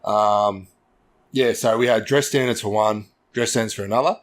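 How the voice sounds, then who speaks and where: A man's voice: lowish voice, normal speed. A man in a casual podcast chat, rambling through army memories, swearing casually and acting out bits of dialogue. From Australia. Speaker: podcast co-host.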